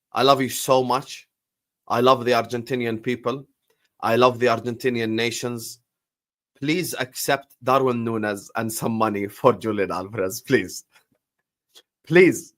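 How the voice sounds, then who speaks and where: A young man hosting a football show, ranting to a live chat in an exaggerated, repetitive, mock-pleading way with loud outbursts. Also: mid-range voice, dry recording, studio quality. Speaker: football channel host. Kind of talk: animated solo football rant to a live chat.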